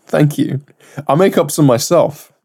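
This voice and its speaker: A man's voice: medium pitch, darkish tone. An English man co-hosting a podcast, joking and swearing freely in casual chat. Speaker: podcast co-host.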